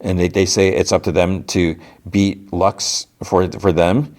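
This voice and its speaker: A man's voice: sits low, little pitch movement, unhurried, a little mellow. A podcast host, a man, casually recapping a TV episode in a rambling way, full of "like" and restarts.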